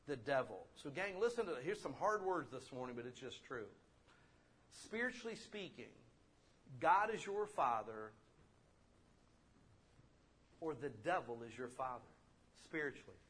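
Man, pastor, casual animated sermon, rhetorical questions, husky, somewhat high voice.

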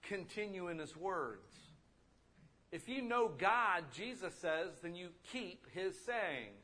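Preaching slowly in a voice that sits high, a male pastor delivers a conversational, animated sermon. He keeps posing rhetorical questions to the congregation.

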